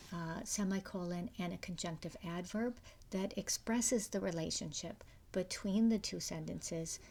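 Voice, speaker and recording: This recorded university lecture comes from a middle-aged English instructor whose voice is on the low side, a little mellow, with vocal fry. Her explanation proceeds step by step, cluttered with fillers and restarts, and occasionally she whispers.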